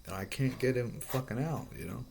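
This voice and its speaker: A man explaining a drawing in a rambling, halting way, swearing often and restarting his sentences. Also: medium pitch, creaky, darkish tone. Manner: profane, halting, full of restarts.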